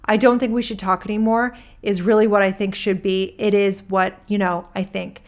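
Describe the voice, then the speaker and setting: A woman with a mid-range voice, close to her everyday way of speaking, reads a court transcript with flat delivery at a moderate pace. She's voicing a male witness in a deposition who rambles in casual talk and restarts his sentences.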